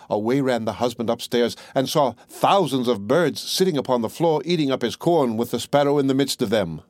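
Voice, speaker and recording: A man reads a classic fairy tale aloud as an audiobook narrator. His delivery is measured and even, in a mid-pitched voice. The recording is dry and close, with no room sound. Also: dry recording. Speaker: audiobook reader. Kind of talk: storybook narration.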